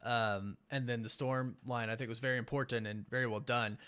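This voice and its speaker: A man's voice: mid-range voice, fairly even intonation, a little fast, clean tone. A tired young man hosting a late-night live stream, rambling casually with many fillers as he thanks his viewers. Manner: enthusiastic, warmly thanks viewers. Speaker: host of a live watch party stream.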